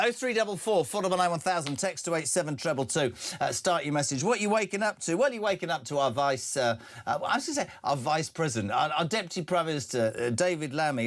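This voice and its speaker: An older man hosting a breakfast radio talk show, blunt and sardonic, with frequent fillers. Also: on the high side. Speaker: radio host.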